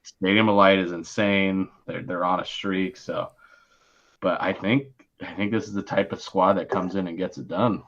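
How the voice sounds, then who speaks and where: A man's voice: low-pitched, steady tone, normal speed, a bit bright. A man co-hosting a podcast, laid-back and agreeable, chatting casually about soccer with slangy words. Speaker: podcast co-host. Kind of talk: casual sports chat. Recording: dull lo-fi sound.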